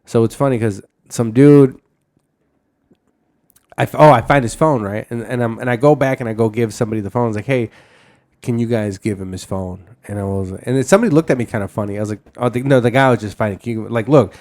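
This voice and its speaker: Fast-talking rambling man on a podcast. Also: medium pitch, a little mellow. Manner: rambling storyteller, swears freely, laughs often. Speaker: podcast host. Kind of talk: casual podcast chat.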